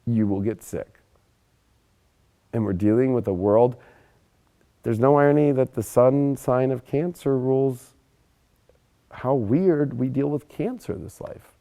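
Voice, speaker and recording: A young adult man giving a casual, animated astrology monologue, emphatic and often swearing. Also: mid-range voice, unhurried. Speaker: astrology presenter.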